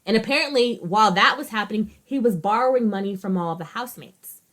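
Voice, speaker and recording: A woman's voice: medium pitch, fast, a bit bright. A woman co-hosting a podcast, retelling a story in casual chat, acting out the quotes and swearing freely. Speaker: podcast co-host.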